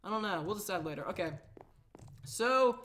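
A woman's voice: mid-range voice, lively intonation, moderate pace, fairly bright tone, slight background noise. A woman hosting a casual gameplay video, chatting in a rambling, self-mocking way. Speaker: Minecraft let's-play host.

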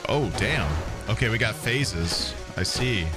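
A young man giving excitable, swearing reactions while playing a game. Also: lowish voice, slow pace. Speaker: gaming streamer. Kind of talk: casual game commentary. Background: game music.

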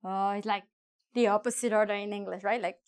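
A woman teaching a bilingual lesson, deliberately, switching between English and with playful asides. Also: mid-range voice, fairly even intonation, clear, resonant tone. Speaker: Spanish teacher.

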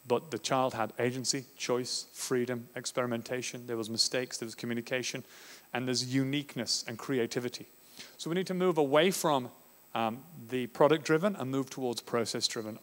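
Animated male conference speaker in a hall. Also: medium pitch. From Australia. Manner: animated, acts out classroom scenes. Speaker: education speaker. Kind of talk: conference talk. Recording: reverberant hall.

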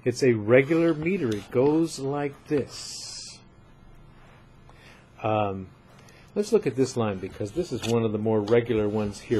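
An older male lecturer who talks slowly and methodically, with a mid-range voice. He keeps pausing to check his listeners are following. A faint hiss sits behind the recording. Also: medium pitch, a little mellow. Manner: methodical, often checking with "right?".

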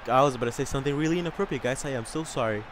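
A young man commentating his own soccer video game live, excitable and swearing, whooping and yelling at big plays. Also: mid-range voice, very fast, slight background noise. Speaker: gamer.

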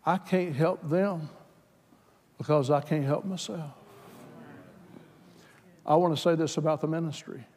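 A man preaching a sermon, moving from plain talk to loud, fervent exhortation. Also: fairly even intonation, unhurried, long pauses, a little hiss or hum. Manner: builds from plain talk to shouted, high-pitched fervor. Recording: hall reverb.

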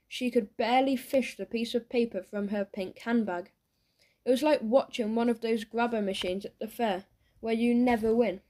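A woman narrates a children's audiobook with playful energy. Her voice is mellow and sits a little high. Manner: lively, playful storytelling.

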